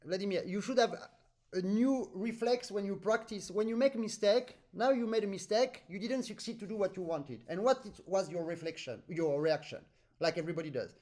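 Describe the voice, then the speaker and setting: A man's voice: high voice, brisk, a little mellow. A man with a French accent teaching accordion over a video call, patiently explaining with vivid comparisons and singing out rhythms. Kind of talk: online master class.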